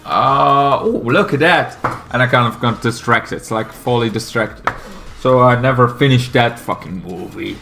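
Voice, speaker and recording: Man, Flemish Dutch accent, non-native English, casual rambling commentary, profane, excitable, lots of fillers. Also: mid-range voice, measured pace. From Belgium. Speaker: comics commentator.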